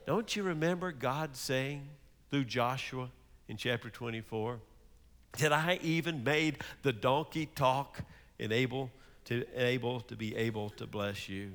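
A man preaching a sermon as pastor, telling stories with big swings between loud and hushed, in a church sanctuary. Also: medium pitch, unhurried, big-room sound.

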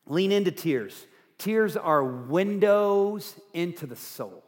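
A man preaching a sermon as pastor, earnest, going from loud emphasis to hushed softness. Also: high-pitched, lively intonation, takes it slowly, big-room sound. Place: church sanctuary.

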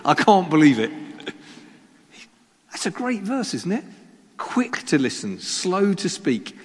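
The preacher's voice is a little high and slightly rough. Speaking as pastor in a reverberant church hall, he makes jokes at his own expense and throws rhetorical questions to his congregation.

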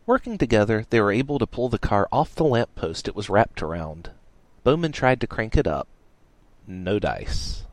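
A man reading a story aloud in a wry, lively storytelling manner. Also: fairly low pitch, normal speed, dry recording. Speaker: narrator.

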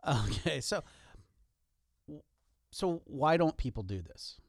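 A man's voice: mid-range voice, lively intonation, slow, no room sound, studio quality. A man co-hosting a podcast, talking earnestly in a casual motivational way with wry self-deprecating jokes. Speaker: podcast co-host.

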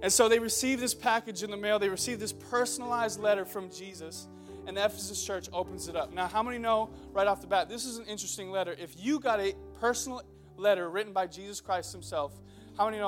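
A man's voice: sits high, quick pace, over music. A young man preaching a sermon to a church congregation, opening with a comic story before turning earnest. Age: young adult. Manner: joking storyteller who builds into earnest exhortation. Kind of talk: humorous sermon.

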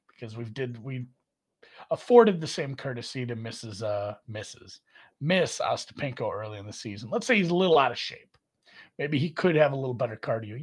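A man hosting a casual sports betting chat, rambling and poking fun at himself. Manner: rambling, self-mocking, jumps in pitch. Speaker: sports betting podcast host.

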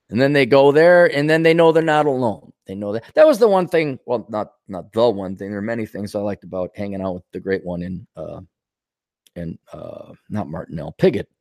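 A man's voice: fairly low pitch, moderate pace, no room sound, studio quality. A man hosting a podcast, telling casual stories with frequent swearing and joking. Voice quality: profane, swears freely. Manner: animated, jokes and acts out voices of others. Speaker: podcast host. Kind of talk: casual storytelling monologue.

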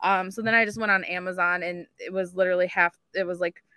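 A woman co-hosting a casual podcast, telling an animated story full of "like" and the odd swear word. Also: fairly low pitch, fast talker, smooth, dry recording, clean studio sound. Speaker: podcast co-host. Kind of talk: casual chat.

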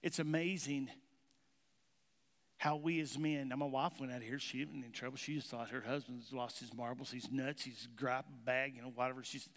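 In a church sanctuary, a male pastor preaches a sermon, telling a folksy story and questioning his congregation. His mid-range voice is steady and fairly bright at a normal speed, and the hall is reverberant.

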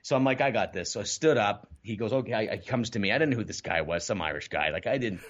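Brief: man, low and husky, animated candid storytelling, dull lo-fi audio. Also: fast. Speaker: podcast guest.

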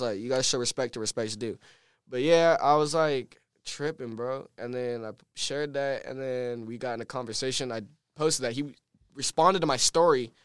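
A teenage man, a guest musician, excitedly telling a story on a casual podcast and quoting the people in it. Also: medium pitch, smooth, no room sound, clean studio sound. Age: teens. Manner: excited storytelling, quotes himself and others.

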